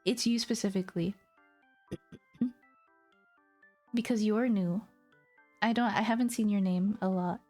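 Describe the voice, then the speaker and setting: A woman's voice: medium pitch, steady tone, unhurried, pauses often, warm tone, faint music behind. A woman streamer chatting casually with her viewers, playful and teasing, laughing often. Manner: giggly, playful and teasing, talks straight to viewers.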